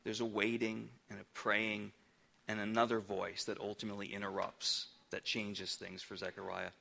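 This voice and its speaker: Middle-aged male pastor, emphatic sermon delivery with stammered restarts, bright tone. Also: fairly low pitch, completely flat delivery, moderate pace, creaky.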